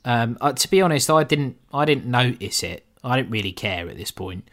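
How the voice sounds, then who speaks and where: A man's voice: medium pitch, lively intonation, normal speed, fairly bright tone. A man co-hosting a podcast, reviewing a film in casual chat, laid-back and swearing, mimicking characters as a joke. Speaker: podcast co-host.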